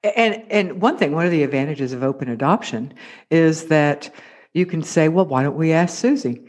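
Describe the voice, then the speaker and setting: A man's voice: a little high, animated. Thoughtful man hosting an advice talk. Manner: measured, thoughtful, with fillers. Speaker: host. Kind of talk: casual interview talk.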